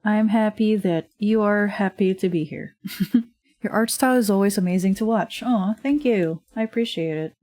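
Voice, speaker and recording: A woman with a medium-pitched, darkish voice talks at a moderate pace, with no room sound. She's a streamer and digital artist casually chatting on a livestream while drawing, rambling with lots of fillers and frequent laughter into a desk mic at home.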